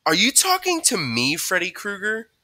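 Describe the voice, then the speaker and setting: A man voicing a loud, mocking teenage boy bully in a storybook reading, taunting in a raised voice. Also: high-pitched, huge pitch swings, normal speed, pitched above the performer's own voice, heavily acted. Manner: jeering, taunting.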